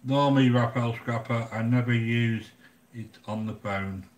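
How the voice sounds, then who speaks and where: A man's voice: medium pitch, fairly even intonation, unhurried. Chatty grumbling English man in a roomy space. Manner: chatty, blunt, grumbling and joking. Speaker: livestream cooking channel host. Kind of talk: casual live chat with viewers.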